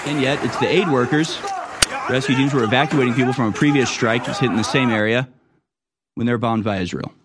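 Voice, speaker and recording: A man's voice: medium pitch, fairly quick, a crowd in the background, noisy background. A man hosting online news commentary, reacting to clips in an indignant manner with sudden exclamations. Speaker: political commentary host.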